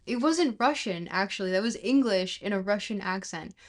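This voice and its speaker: A woman's voice: medium pitch, animated, moderate pace. A woman streamer chatting casually with viewers, talking in loose bits that trail off and restart, and laughing at herself. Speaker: livestreamer reading a book aloud. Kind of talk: casual livestream chat.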